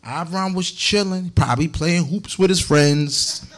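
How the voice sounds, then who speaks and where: A man's voice: on the high side, measured pace. Playful, laughing male preacher. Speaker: congregation teacher. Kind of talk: joking sermon talk.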